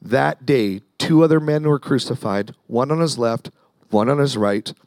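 Gravelly conversational male pastor. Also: mid-range voice, measured pace, a little mellow, no echo. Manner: conversational, repeats words, acts out quotes. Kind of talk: sermon.

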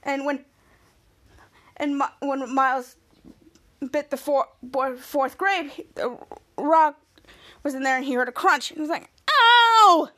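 A woman's voice: high voice, fairly even intonation, measured pace, pauses often, fairly bright tone. A woman podcast host rambling through a casual recap of a TV episode, restarting often.

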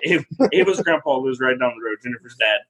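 A man's voice: mid-range voice, lively intonation, quick pace, fairly bright tone, slightly rough, poor audio. A young man, a father, telling home stories in casual chat and laughing often. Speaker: podcast co-host, father.

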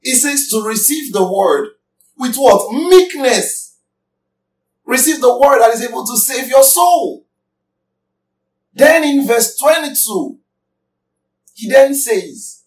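A man's voice: extremely high pitch, lively intonation, takes it slowly, pauses often, recorded from a distance. A man preaching a sermon emphatically, asking his congregation questions as he teaches. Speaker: pastor. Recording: echoey room, voice from off mic.

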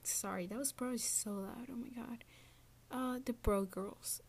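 A woman's voice: fairly high pitch, steady tone, moderate pace, darkish tone, husky. A young woman hosting a casual solo podcast rant, slipping often into a whisper and filling with "like". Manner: often drops to a whisper, lots of "like". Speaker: podcast host.

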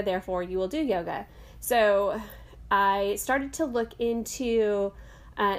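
A middle-aged woman, a yoga teacher, hosting a podcast in a casual, rambling monologue full of fillers and self-corrections. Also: mid-range voice.

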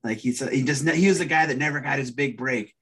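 Husky, easygoing podcast co-host man. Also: mid-range voice, brisk, a bit bright. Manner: easygoing, laughs along, says man and dude. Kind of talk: casual podcast banter.

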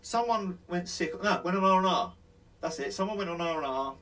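A man's voice: high voice, animated, fairly quick, a bit bright. Sweary man telling army stories. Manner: swearing, rambling, laughing anecdotes. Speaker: ex-soldier telling war stories. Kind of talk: casual podcast chat.

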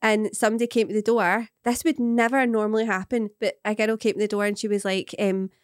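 A woman with a Glaswegian accent, co-hosting a podcast and telling a story in casual chat, animated and quick. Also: medium pitch, clean tone, dry recording, studio quality. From Scotland. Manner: animated storyteller, quick bursts, acts out voices. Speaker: podcast co-host.

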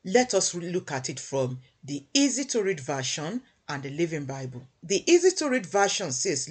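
Husky woman preaching emphatically. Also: fairly low pitch, very animated, moderate pace, few pauses. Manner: emphatic, repeats phrases for weight. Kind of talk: devotional sermon.

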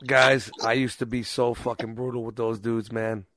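Blunt, gravelly man telling rants. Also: medium pitch, normal speed, background noise. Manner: blunt, swears constantly, animated storytelling. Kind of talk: casual profane chat.

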